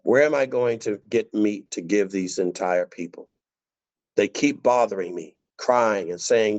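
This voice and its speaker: Male pastor, low-ish voice, casual animated sermon, dull lo-fi audio. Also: unhurried. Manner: conversational, animated, laughing asides. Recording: dull lo-fi dry recording.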